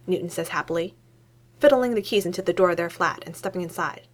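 A woman narrating a story aloud in an expressive reading voice. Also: fairly low pitch, fast.

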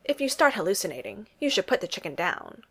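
A dry-witted male scientist, read by a woman, deadpan and matter-of-fact. His lines are part of a storybook reading with lively pitch. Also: fast talker, gravelly, husky, heavily acted.

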